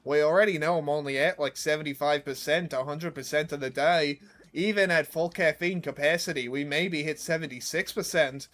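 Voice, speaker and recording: A young male streamer chatting over a game with rambling, self-mocking humor and casual swearing. His voice sits a little higher than most men's. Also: a little fast, fairly bright tone. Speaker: gaming streamer. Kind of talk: casual gameplay commentary.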